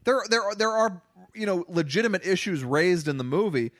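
A man co-hosting a movie podcast, talking casually and ranting in an animated, exasperated way. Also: high voice, fairly quick, no echo, clean studio sound. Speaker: podcast co-host reviewing movies. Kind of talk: casual chat.

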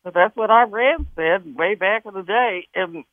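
A woman's voice: medium pitch, moderate pace, no room sound. A woman from northwestern Wisconsin calling into a radio show, chatty and emphatic, rambling a little with fillers. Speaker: caller. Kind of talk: call-in chat. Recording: tinny phone line.

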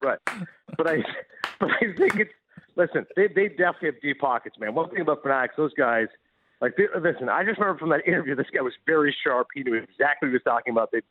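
A Canadian-born man, a guest sports broadcaster, telling stories in an animated, quick way on a casual sports radio show. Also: a little high. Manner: animated storyteller, quick, laughs often. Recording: tinny phone-line remote audio.

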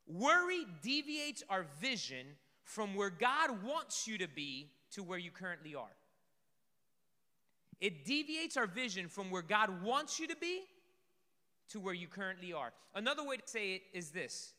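A man preaching a sermon to a congregation, lively, swinging between loud emphasis and soft asides. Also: high voice, a little slow. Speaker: pastor. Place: church sanctuary. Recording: reverberant hall.

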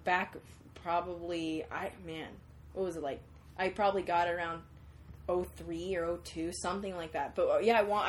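Rambling young woman, faint noise. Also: on the low side. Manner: rambling, many fillers and self-corrections. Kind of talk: casual chat.

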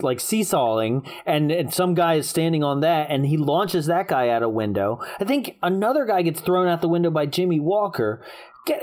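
A woman's voice: low voice, a little mellow. A woman co-hosting a casual movie recap, rambling through the plot and laughing often. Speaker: podcast co-host.

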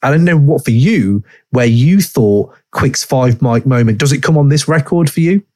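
A man hosting a hip hop podcast, talking in an animated, emphatic way and swearing freely. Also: mid-range voice, moderate pace, no room sound, clean studio sound. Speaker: podcast host. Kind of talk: casual podcast talk.

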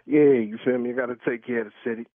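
A man's voice: medium pitch, level tone, rapid-fire, no room sound. A man on a phone call, talking in a slangy, repetitive and indignant way as the target of a prank call. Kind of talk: heated phone argument. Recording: tinny phone line.

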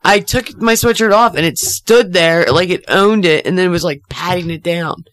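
A woman's voice: fairly low pitch, moderate pace, fairly bright tone, no room sound. A woman co-hosting a casual podcast chat, telling a story with lots of fillers and laughter. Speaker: podcast co-host.

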